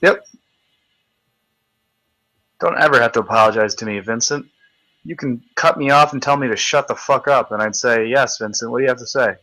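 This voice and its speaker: A man's voice: mid-range voice, normal speed, long pauses, pushed and bright, rough recording. A man hosting a live video chat, ranting in a combative, profane, taunting way. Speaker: livestream host.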